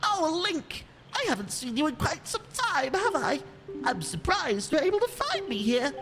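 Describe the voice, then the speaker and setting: A man's voice: very high voice, sing-song, normal speed, big-room sound, pitched above the performer's own voice, heavily acted. A man voicing a tiny, cheerful male forest creature who plays music, with a Scottish accent. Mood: eager. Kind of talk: voicing a game character.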